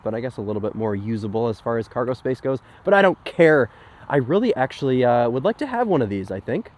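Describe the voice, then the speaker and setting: A man's voice: mid-range voice, darkish tone. A man with a sick voice, giving a casual, enthusiastic point-of-view car review from in and around a car. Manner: enthusiastic, chatty with frequent "like" fillers.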